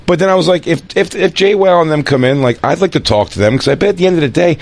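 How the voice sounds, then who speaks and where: A man's voice: a little high, expressive, fast. A man co-hosting a podcast in casual chat, rambling and reflective, restarting his sentences often. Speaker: podcast co-host.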